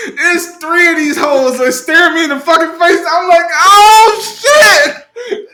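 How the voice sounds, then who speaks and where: A man co-hosting a podcast, telling a story in a casual chat: animated and profane, laughing mid-sentence. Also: very high voice, echoey room. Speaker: podcast co-host.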